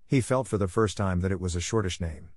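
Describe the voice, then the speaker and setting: A man narrating a classic children's story in a measured, even reading. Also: low voice, no echo, studio quality.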